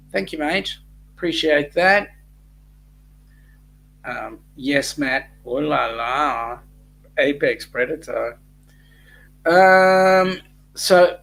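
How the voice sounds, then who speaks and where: A man's voice: high-pitched, fairly bright tone, low-quality recording. A man hosting a casual live chat, reading out viewer comments with many ums and restarts. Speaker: host of a live chat show.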